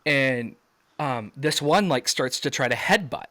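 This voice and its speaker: A man guest on a video call telling a story in a casual interview, acting out quoted shouts with sudden jumps up in pitch. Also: lively intonation, unhurried, no room sound.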